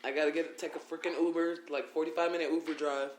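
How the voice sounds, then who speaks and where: A man's voice: fairly high pitch, crowd noise. A man guest, a wrestler, telling stories in a casual podcast chat and acting out the people he quotes. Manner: animated, quick, acts out quoted voices. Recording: roomy with faint noise.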